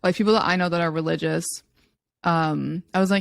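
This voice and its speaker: A woman co-hosting a casual talk, telling stories in an animated way and acting out what other people said. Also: lowish voice, fast, creaky, dry recording, clean studio sound. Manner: animated storytelling, acts out quoted people in a raised voice. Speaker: podcast co-host. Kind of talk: casual chat.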